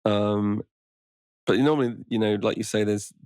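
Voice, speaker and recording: A man's voice: lowish voice, fairly even intonation, moderate pace, a little mellow, dry recording, studio quality. A man who teaches meditation, a podcast guest talking in an easygoing, rambling way. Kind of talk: casual conversation.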